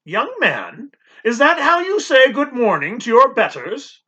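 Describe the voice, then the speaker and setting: A man's voice: very high-pitched, wildly swooping pitch, measured pace, sharp tone, lo-fi sound, pitched above the performer's own voice, heavily acted. A man voicing a stern, proper housekeeper woman in an audiobook, clipped and commanding. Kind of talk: audiobook character voice.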